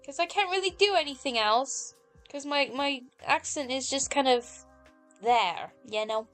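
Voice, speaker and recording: A woman's voice: high voice, a little slow, a bit bright, soft background music. A woman whose accent mixes British and American, hosting a stream in rambling, filler-heavy casual chat. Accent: mixed British and American. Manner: chatty, rambling, many fillers. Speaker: streamer host.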